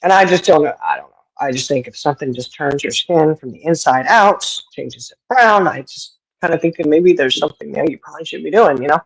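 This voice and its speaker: A woman chatting casually on a talk stream, spinning a story with frequent laughter. She jumps her pitch up when she quotes other people and drops in folksy sayings. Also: animated, fairly quick, few pauses, slightly rough, poor audio. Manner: mimics others with raised pitch. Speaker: podcast co-host. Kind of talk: casual chat.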